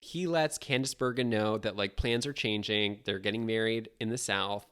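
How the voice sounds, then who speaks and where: A podcast co-host chatting casually, telling stories in an animated way and acting out quotes. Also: mid-range voice, moderate pace, clean tone. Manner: animated, lively storytelling with acted-out quotes. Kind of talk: casual chat.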